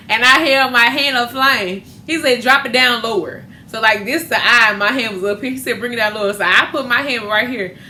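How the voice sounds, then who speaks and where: A young woman hosts a casual podcast chat and tells stories in an animated, playful way. Her voice is bright and slightly high, with faint noise in the background. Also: brisk, hardly any pauses, roomy sound. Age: young adult. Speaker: podcast host.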